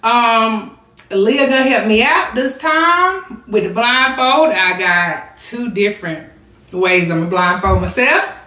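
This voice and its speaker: A woman's voice: a little high, lively intonation, slow, pushed and bright. A woman, chatting casually to her viewers while setting up an eating challenge. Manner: chatty, addresses viewers as y'all. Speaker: mukbang vlogger. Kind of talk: casual chat to camera. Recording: echoey room.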